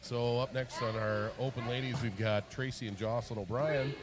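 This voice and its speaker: A man from Canada giving relaxed color commentary at a strongman competition, explaining technique with dry jokes. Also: medium pitch, moderate pace. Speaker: sports commentator. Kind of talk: live event commentary. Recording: loud music behind.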